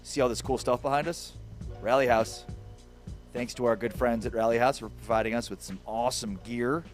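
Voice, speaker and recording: A man's voice: mid-range voice, fairly even intonation, brisk, faint music behind. A man hosting a sports radio show in a studio, bantering playfully and reading sponsor messages. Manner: playful, jokey banter with reads of sponsor spots. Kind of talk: casual sports radio chat.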